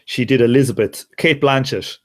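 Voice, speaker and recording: A man's voice: medium pitch, moderate pace. A man from Ireland with a Dublin Irish accent, chatting casually as a guest and rambling with many restarts and fillers. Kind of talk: casual chat.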